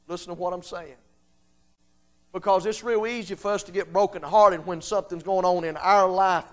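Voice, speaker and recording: Fervent man preaching a revival sermon. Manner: swings from low, quiet pleading to loud, high-pitched exhortation; folksy Southern-style grammar, "ain't", "I seen".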